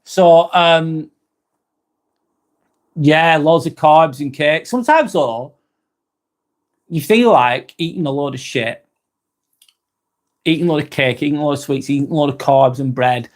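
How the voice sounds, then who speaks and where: A man hosts a relaxed livestream, reading out viewer comments and chatting back. His voice sits a little high for a man, and his talk is loose and frequently broken by laughter and casual swearing. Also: unhurried, pauses often. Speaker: livestream host.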